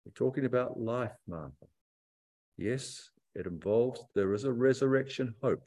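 A man preaching a sermon to a church congregation, reflective and emphatic, stretching key phrases out slowly. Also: medium pitch, dark tone. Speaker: pastor.

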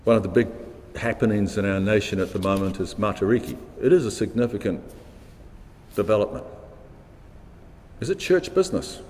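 A man's voice: fairly low pitch, animated, moderate pace, long pauses, a little mellow, in a large hall, a little hiss or hum. A man, preaching a sermon in a reflective, questioning way, repeating words for emphasis. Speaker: pastor.

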